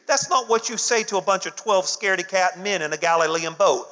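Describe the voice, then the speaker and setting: A man's voice: high voice, moderate pace, sharp tone. A man preaching a sermon, calling on the congregation to answer him. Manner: preaching with call-and-response to the congregation. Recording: dull lo-fi audio with long hall reverb.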